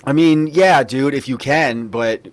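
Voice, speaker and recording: A man's voice: medium pitch, a little slow, crowd noise. A man hosting a podcast, telling rambling, profanity-laced stories in casual chat. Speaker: podcast host.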